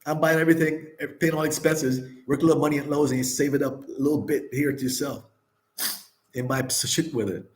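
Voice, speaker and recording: Brisk and steady, an older vlog host with a fairly high-pitched voice holds a casual chat. He speaks candidly, laughs a lot, swears, and says things more than once.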